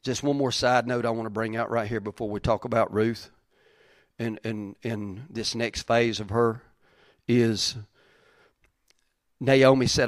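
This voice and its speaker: A man's voice: mid-range voice, fairly even intonation, a little slow, pauses often, dry recording, clean studio sound. A man preaching a sermon, reading old-style scripture aloud and repeating key lines for emphasis.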